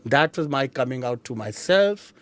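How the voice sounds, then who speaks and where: A man's voice: mid-range voice, moderate pace. A middle-aged man with an Indian accent, telling personal stories as an interview guest and acting out the voices of the people in them. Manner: animated, mimics voices of people in his stories. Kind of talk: personal storytelling.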